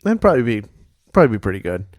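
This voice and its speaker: A man's voice: medium pitch, sing-song, racing, a little mellow, no room sound. A man co-hosting a podcast, tossing in profane, wisecracking remarks during casual banter. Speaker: podcast co-host.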